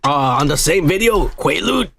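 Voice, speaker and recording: A man's voice: high-pitched, lively intonation, moderate pace, vocal fry, fairly bright tone, husky. A man hosting a podcast in crude, profane casual chat, reading listener comments aloud and joking with his co-host.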